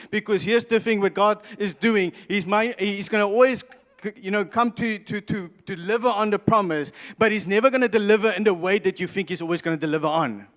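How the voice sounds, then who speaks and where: A man's voice: sits high, a bit bright. A man preaching a sermon from the stage of a large church, emphatic, repeating his key lines and often stumbling and restarting. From South Africa. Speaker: pastor. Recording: long church hall reverb.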